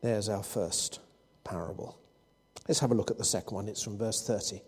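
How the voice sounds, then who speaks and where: A man's voice: fairly low pitch, steady tone, moderate pace, husky. A man preaching a sermon, explaining scripture and telling anecdotes with quoted dialogue. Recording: long hall reverb.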